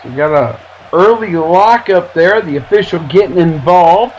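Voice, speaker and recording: A man's voice: high-pitched, expressive, normal speed, a little mellow, a little hiss or hum, low-quality recording. A man working as color commentator at a wrestling show, easygoing and agreeable.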